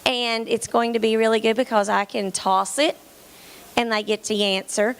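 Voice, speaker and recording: Earnest, rushed teacher woman. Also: a little high, flat delivery, clear, resonant tone. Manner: hurried, earnest, with many um fillers. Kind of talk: grant pitch presentation.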